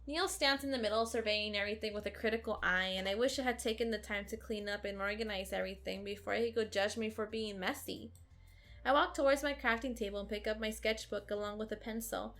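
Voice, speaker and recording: A woman hosting a let's play, reading a visual novel aloud in an expressive, sarcastic way. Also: mid-range voice, a little fast, soft background music. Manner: expressive, sarcastic, occasional giggles.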